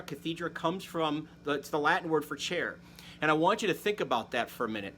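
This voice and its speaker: A man's voice: a little high, fairly bright tone, a little hiss or hum. A man from Wisconsin hosting a casual, friendly talk about church history, with self-deprecating asides. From Wisconsin, United States. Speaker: host. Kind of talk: casual catechetical talk to camera.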